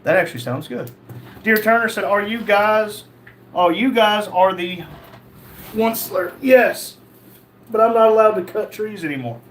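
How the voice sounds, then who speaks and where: Man, livestream host, high voice, crude joking, faint background noise. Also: measured pace, long pauses, a bit bright. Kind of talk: casual livestream chat, reading comments.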